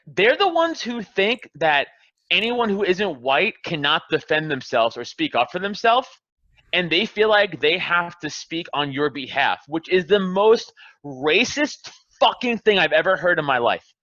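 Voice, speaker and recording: A man's bright, forceful voice swings widely in pitch as he rants on a podcast, swearing freely and hammering his points. The sound is dry and a little dull, like a plain home podcast setup. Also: big pitch swings, unhurried, no room sound. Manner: profane, impassioned, ranting with rising emphasis. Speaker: podcast guest, comedian. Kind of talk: heated casual podcast rant.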